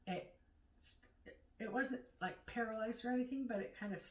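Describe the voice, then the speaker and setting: Rambling woman in an echoey room. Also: fairly high pitch. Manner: rambling, halting, chatty. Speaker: vlogger. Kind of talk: casual vlog chat. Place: home. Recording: echoey room, far from mic.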